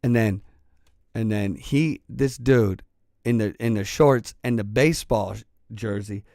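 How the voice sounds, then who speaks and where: A man's voice: on the low side, measured pace, a little mellow, no room sound, clean studio sound. A man telling a personal story in a casual, rambling way, swearing freely and restarting his sentences often. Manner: rambling and profane, with many restarts. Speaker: channel host.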